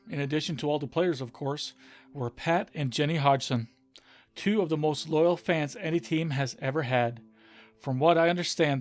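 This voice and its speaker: A man hosting a podcast, telling a story in an earnest, scripted narration. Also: fairly high pitch. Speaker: podcast host. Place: home in Florida. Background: soft background music.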